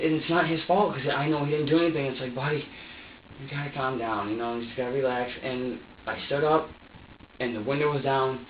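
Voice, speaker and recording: A man talks in long agitated bursts, cursing and restarting his sentences. His voice sits at a middle pitch and carries room echo, picked up from a distance, with a dull, muffled tone and a faint hiss underneath. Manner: agitated, profane, rambling with many restarts; swings between angry outbursts and quiet muttering. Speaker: suspect under police questioning. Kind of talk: emotional confession to investigators. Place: police interrogation room. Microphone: room recording from a distance. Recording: echoey, distant, dull interrogation-room recording.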